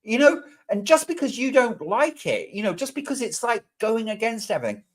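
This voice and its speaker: Hesitant male host with a lively pitch. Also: a little fast. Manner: hesitant, with many filler sounds. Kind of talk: casual commentary.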